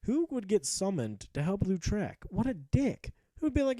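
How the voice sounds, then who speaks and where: Young man, mock-epic gameplay narration, high voice, mellow, dry close sound, profane jokes. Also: very animated, fairly quick, few pauses, dry recording. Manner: jokey, profane, ranting asides. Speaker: gameplay commentator.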